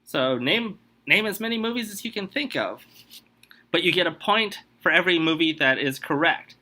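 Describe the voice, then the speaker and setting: Lively bright-voiced man hosting a quiz. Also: a little high, moderate pace. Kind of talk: casual podcast quiz game.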